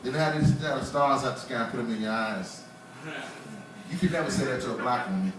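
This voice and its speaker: A man's voice: mid-range voice, expressive, fast, fairly bright tone, a little hiss or hum. A man in his forties doing a loose, conversational stand-up comedy set in a small bar, laughing at his own jokes. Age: 40s. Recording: roomy bar, voice from far off.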